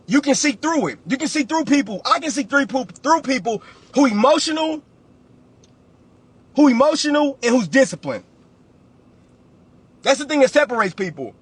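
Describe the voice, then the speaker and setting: A man's voice: very high voice, fairly bright tone, breathy edge, no echo. A man, a real estate coach giving a blunt, preachy motivational talk on a livestream and repeating phrases for emphasis.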